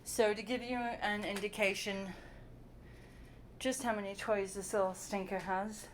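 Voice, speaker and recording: A woman's voice: medium pitch, fairly even intonation, unhurried. A young woman chats unhurriedly to the camera at home, her voice sitting in a middle register. She teases and coos at her cat between remarks, playful and affectionate. A faint hiss sits under the recording. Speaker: cat owner filming her pet. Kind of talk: casual chat to camera.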